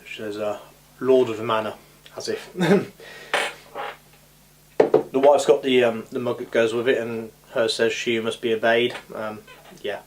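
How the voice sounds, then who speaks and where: A man's voice: medium pitch, fairly even intonation, measured pace, pauses often. A man chatting casually in a hobby vlog from his home hobby room, rambling with frequent ums and uhs, recorded on a camera mic. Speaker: scale model hobby vlogger. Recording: audible background noise.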